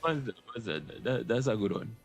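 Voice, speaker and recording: A man's voice: medium pitch, sing-song, normal speed, soft background music. A young man streaming a game, reacting in casual, profane commentary and often laughing through his words. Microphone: desk microphone.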